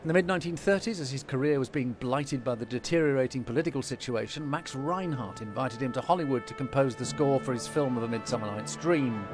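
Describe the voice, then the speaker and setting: A man's voice: mid-range voice, quick pace, few pauses, music in the background. A man presenting a live classical concert broadcast from a concert hall, polished and informative.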